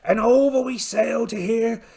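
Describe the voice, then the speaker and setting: A man's voice: very high-pitched, fairly even intonation, a little slow, creaky, a little mellow, full character voice. A man voicing a polite, boastful one-eyed pirate captain in a solo tabletop game, theatrical and full of exclamations. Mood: hearty. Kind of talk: in-character solo game narration.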